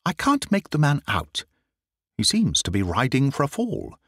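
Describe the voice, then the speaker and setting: A man doing Sherlock Holmes, crisp and lofty. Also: mid-range voice, huge pitch swings, normal speed, dry recording, studio quality, voice pushed up. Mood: explaining. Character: brisk, confident Victorian gentleman detective.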